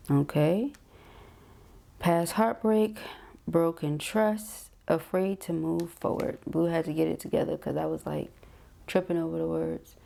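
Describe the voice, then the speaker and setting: A woman talks through a tarot reading. Her voice sits low and very gravelly, with a mellow, dark tone. She stays chatty and emphatic and keeps turning to her viewers. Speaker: tarot reader. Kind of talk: casual spoken tarot reading.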